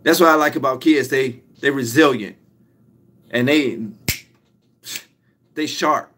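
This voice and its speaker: A man's voice: medium pitch, takes it slowly, long pauses, a bit bright. A young man giving a motivational talk, emphatic and repetitive, stretching out his key lines. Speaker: motivational speaker.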